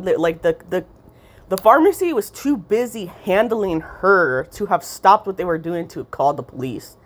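Swearing, ranting young woman. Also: lowish voice. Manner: swears constantly, rambling, sarcastic, mocking impressions. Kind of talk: casual ranting storytime.

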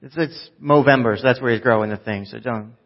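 A man preaching a live sermon to a church congregation, joking and swinging from loud bursts to soft, low asides. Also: a little fast, highs cut off. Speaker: pastor.

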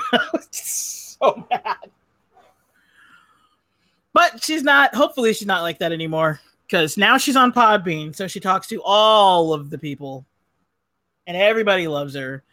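Woman from southern california, live call-in host, lively swooping pitch, swears freely, dry close sound. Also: unhurried, pauses often, no echo. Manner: profane, chatty, laughs often. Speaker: podcast host taking calls. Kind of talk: casual live chat show.

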